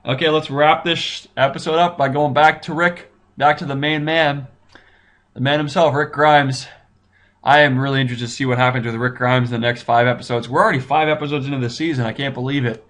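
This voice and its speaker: Man, mid-pitched voice, casual show-review commentary, excitable, rambling, thinks out loud, frequent restarts. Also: a little fast. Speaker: YouTube TV reviewer.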